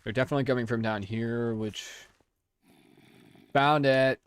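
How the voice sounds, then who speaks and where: A man's voice: medium pitch, steady tone, moderate pace, clear, resonant tone, no room sound. A man gaming with friends, trading brash, heavily profane banter. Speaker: gamer on a livestream. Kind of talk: casual gaming chat.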